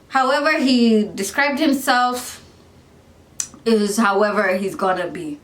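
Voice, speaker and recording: A young woman talks casually to her camera in a fairly high voice, rambling and correcting herself as she goes. The sound is echoey, as if she is in a bare room. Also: a little slow. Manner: animated, rambling, self-correcting, lots of fillers. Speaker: vlogger reviewing a reality show. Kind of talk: casual chatty commentary.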